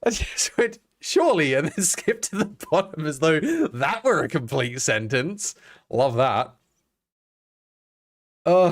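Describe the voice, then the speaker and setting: Australian male streamer, lively pitch and a casual, self-deprecating delivery. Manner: reads game text aloud, chatty and self-mocking. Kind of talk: casual gameplay commentary.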